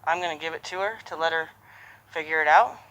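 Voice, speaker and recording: A horse trainer working a horse outdoors, speaking calmly and giving repeated soft praise while explaining each step. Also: medium pitch, fast talker, low-quality recording. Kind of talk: live training commentary.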